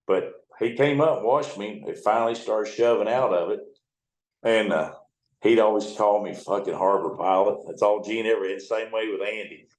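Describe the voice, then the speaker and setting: A man's voice: lowish voice, normal speed, echoey room, poor audio. A man in his seventies, a towboat captain, telling folksy, profane stories in an interview. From United States. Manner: folksy, profane yarn-spinning. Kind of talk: storytelling interview.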